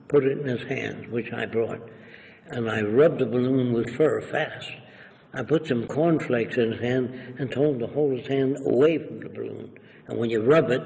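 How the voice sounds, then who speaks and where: A man's voice: mid-range voice, creaky, long reverb tail, rough recording. An older man, an interview guest, telling anecdotes and acting out the people in them. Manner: animated, acts out quoted voices. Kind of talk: anecdotal storytelling.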